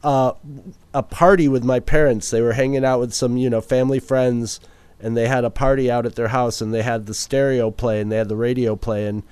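A man in his fifties co-hosting a podcast, telling a story in an animated way. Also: mid-range voice, fairly quick, clean tone, no room sound. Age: 50s. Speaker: podcast co-host. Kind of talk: casual podcast chat.

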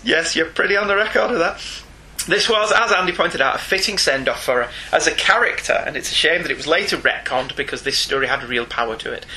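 A man's voice: a little high, sharp tone. A man with a Northern English accent co-hosting a podcast, reading listener emails aloud and teasing his co-host with frequent laughter. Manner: teasing and jokey, laughs often.

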